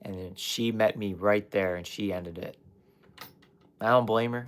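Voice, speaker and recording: A man's voice: lowish voice, steady tone, a little slow. A young man candidly telling his personal story on a livestream, swearing at times and talking straight to his chat. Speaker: life coach livestreamer.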